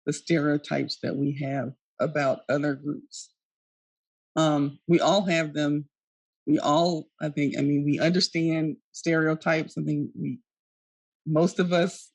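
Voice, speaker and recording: A woman lecturing at a neuroscience conference, earnest and halting, with frequent ums and restarts. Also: sits low, a little mellow, no room sound. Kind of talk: recorded conference talk.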